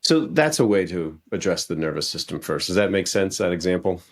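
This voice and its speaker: Low male podcast guest, earnest coaching tone, casual and repetitive. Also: expressive, brisk. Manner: earnest, coaching men directly, frequent restarts.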